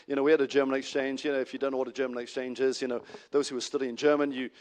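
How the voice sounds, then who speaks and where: A middle-aged man preaching a sermon as pastor, animated and swinging between loud exclamations and soft asides, with frequent restarts. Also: medium pitch, very fast.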